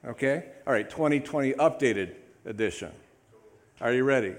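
A man's voice: medium pitch, moderate pace. A male pastor preaching a sermon in his church, upbeat and chatty, often calling for amens from the congregation. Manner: upbeat, calls for amens, lively congregation prompts. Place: church sanctuary.

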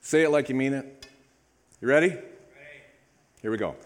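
A man preaching as pastor, leading the congregation in loud recitation. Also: mid-range voice, moderate pace. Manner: leads congregation in loud call-and-response recitation. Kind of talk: sermon. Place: church sanctuary. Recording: echoey church hall.

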